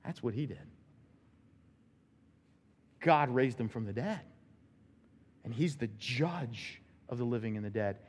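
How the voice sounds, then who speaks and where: A male pastor preaching a sermon in a church, emphatic, with sudden loud, high bursts. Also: expressive, a little slow, long pauses, husky, in a large hall. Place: church sanctuary.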